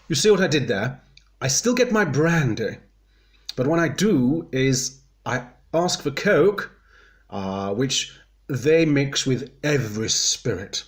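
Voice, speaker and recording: Slow, prim gentleman deadpanning. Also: mid-range voice, big pitch swings. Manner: prim, genteel and dryly condescending. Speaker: comedian presenting a mock guide. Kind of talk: deadpan mock instructional comedy.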